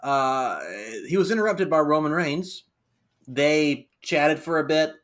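A young man co-hosting a casual wrestling recap podcast, animated and quick to laugh. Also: a little high. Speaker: podcast co-host.

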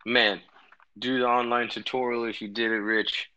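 A man's voice: mid-range voice, level tone, normal speed, bright, forceful tone, dry recording, muffled recording. A man hosting a podcast remotely from his home, talking in a loose, rambling way with many restarts and fillers. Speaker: podcast host. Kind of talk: casual chat. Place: home bedroom. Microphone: remote recording.

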